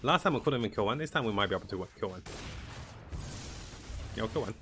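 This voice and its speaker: A man giving casual commentary on a strategy game as he plays, thinking aloud in a relaxed way. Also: on the low side, fast, slight background noise. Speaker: gaming commentator. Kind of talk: casual live gameplay commentary.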